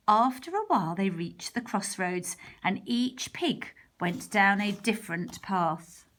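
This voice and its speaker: A woman narrating a storybook in a soft, partly whispered voice. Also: medium pitch. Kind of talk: storybook reading.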